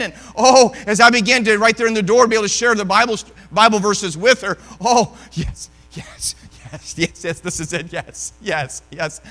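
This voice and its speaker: A male preacher delivering a sermon, telling a story animatedly and swinging from loud to hushed. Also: high-pitched, normal speed, few pauses, in a large hall.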